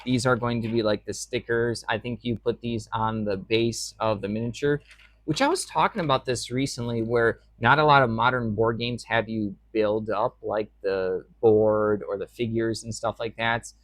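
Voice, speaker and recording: A man's voice: lowish voice, moderate pace, no room sound. A young man talking casually in a vlog, rambling with lots of fillers. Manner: rambling, chatty, with frequent fillers. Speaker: reseller vlogger.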